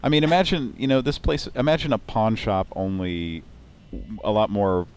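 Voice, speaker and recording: A man's voice: on the low side, moderate pace, clean tone. A man co-hosting a live online show, chatting casually and rambling with frequent restarts. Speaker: podcast host. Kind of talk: casual live-stream chat.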